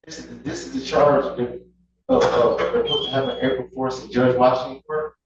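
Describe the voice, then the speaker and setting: A man speaking as a defendant in court. He is emotional and distraught, stammering, halting and apologetic. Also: mid-range voice, flat delivery, vocal fry, heavy reverb. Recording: distant, muffled courtroom mic with crowd noise.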